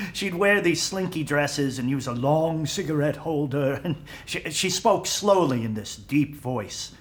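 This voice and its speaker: Guy playing laid-back family dad telling a story, chuckly, slow, voice all over the place. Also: fairly high pitch, lively intonation. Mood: amused. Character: easygoing middle-aged family man telling stories. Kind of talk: audio drama.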